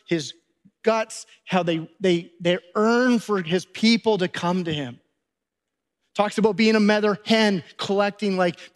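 A pastor preaching a sermon, retelling a Bible story with lively acted-out dialogue. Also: male voice, sits high. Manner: animated storytelling, acting out disciples' voices.

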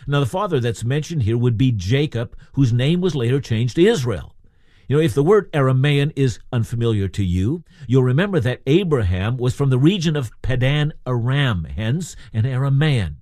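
A man's voice: mid-range voice, animated, normal speed, warm tone, no room sound, clean studio sound. A man preaching a sermon in a conversational way, asking his listeners questions.

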